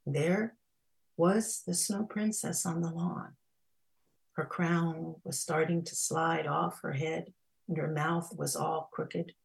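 A woman storyteller reading a fairy tale aloud on a radio storytelling hour, slow and expressive with dramatic pauses. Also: deep voice, vocal fry, slightly rough.

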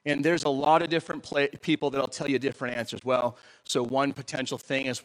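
A man, a pastor, preaching a sermon in an animated, joking way and often asking the audience questions. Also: mid-range voice, a little fast, low-quality recording.

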